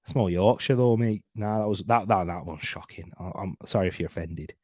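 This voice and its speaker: A low-pitched, darkish voice comes a little fast from this young man as he hosts a live football watchalong, chatting, joking and laughing through the game. The clean studio recording has no room sound.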